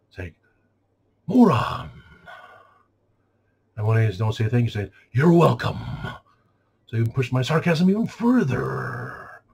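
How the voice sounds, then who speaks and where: Husky sarcastic man ranting. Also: medium pitch, a little mellow. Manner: sarcastic and exasperated, mimics customers. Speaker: store clerk venting. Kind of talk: casual rant.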